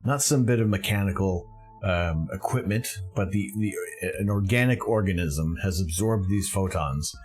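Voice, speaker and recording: Deep-voiced Canadian man hosting a live stream. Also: moderate pace, music in the background. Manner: enthusiastic, rambling, self-correcting. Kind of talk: casual live-stream commentary.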